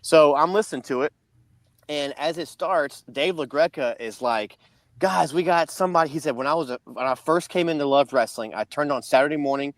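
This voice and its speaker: Here a podcast co-host with a fairly high voice talks a little fast, meandering through a lengthy story and frequently starting over. The recording has no room sound.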